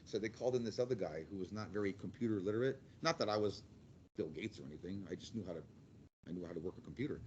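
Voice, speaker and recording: Fast-talking blunt man telling stories. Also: fairly low pitch, darkish tone, dull audio, slight background noise. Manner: rambling, blunt, quick with repeated restarts. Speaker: guest speaker, construction manager. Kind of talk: casual storytelling to a class.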